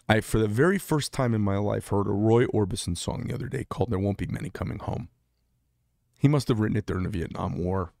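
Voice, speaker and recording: Blunt middle-aged man, low dry voice. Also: a little mellow, no echo. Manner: blunt, rambling, self-interrupting. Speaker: veteran vlogger. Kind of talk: candid spoken monologue.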